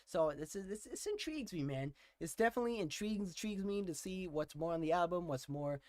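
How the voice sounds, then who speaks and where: A young man hosting a music reaction, talking casually and excitedly, gushing and repeating his exclamations. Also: high voice, fast talker, no room sound. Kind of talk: casual album reaction commentary.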